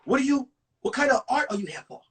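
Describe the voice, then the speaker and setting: A polite, friendly teenage boy, played by a man telling a story talks softly and eagerly. The voice is husky and pitched lower than the storyteller's own. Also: sing-song, quick pace, exaggerated voice.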